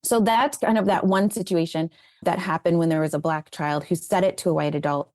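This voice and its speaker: A woman's voice: fairly low pitch, a little fast, no echo, studio quality. A woman being interviewed as an educator, telling stories about raising children in an earnest, conversational way. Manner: earnest, animated when retelling conversations.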